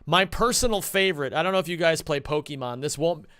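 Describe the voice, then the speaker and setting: A man streaming casually, chatting to his viewers in an excitable, rambling way and swearing a lot. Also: on the high side, fast, no echo, studio quality. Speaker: streamer and speedrunner. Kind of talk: casual live-stream chat.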